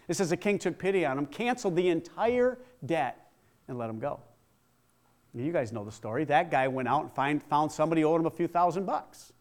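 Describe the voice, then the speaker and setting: A man preaching with a slightly raised pitch. He talks to the congregation like a conversation, firing questions at them. His volume swings from loud emphasis down to hushed. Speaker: pastor. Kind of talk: sermon.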